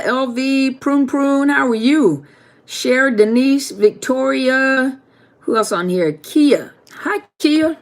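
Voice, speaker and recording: A woman with a fairly high voice greets viewers one by one in a friendly, chatty manner during a casual live stream. She speaks into a webcam mic from a home setup.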